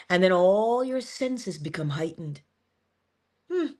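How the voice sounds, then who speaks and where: A woman's voice: a little high, moderate pace, darkish tone. A woman giving an earnest but casual inspirational monologue as a motivational speaker, talking conversationally with sudden emphasis.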